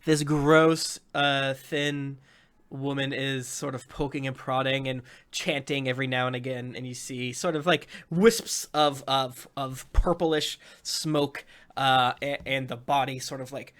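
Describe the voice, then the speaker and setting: A man's voice: mid-range voice, fairly even intonation, unhurried, fairly bright tone. A man narrating a tabletop game as game master, rambling through his descriptions with lots of fillers.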